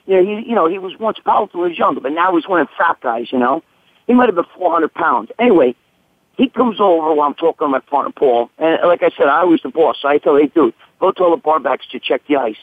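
Male storyteller, high-pitched, swears constantly, rambling; tinny dry phone audio. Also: fast, no echo. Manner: profane, rambling, animated. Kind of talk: crude casual storytelling.

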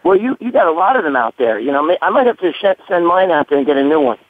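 A boastful man in his fifties with a fairly high voice, stumbling through crude stories on a radio show. The sound is dry and squeezed down to a tinny, phone-like band. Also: big pitch swings, quick pace, no room sound. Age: 50s. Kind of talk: crude casual radio banter. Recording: tinny phone-line audio.

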